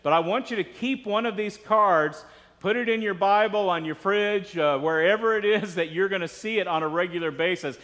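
A man's voice: high-pitched, moderate pace, fairly bright tone, in a large hall. A man preaching a sermon as pastor, earnest and conversational, with frequent asides to the congregation.

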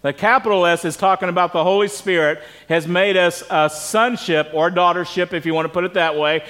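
Fairly quick and steady, this man's high, fairly bright voice carries a conversational sermon at a church service. The pastor keeps the tone casual, regularly breaking off to quiz his congregation.

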